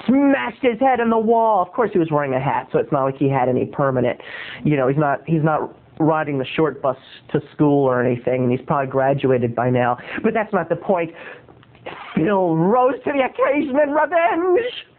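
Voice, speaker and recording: High-voiced man rambling through a tinny line. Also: lively intonation, fairly quick. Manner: rambling, stammering restarts, sudden loud outbursts. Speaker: comedy show host. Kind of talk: comic storytelling monologue. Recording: tinny phone-like lo-fi audio.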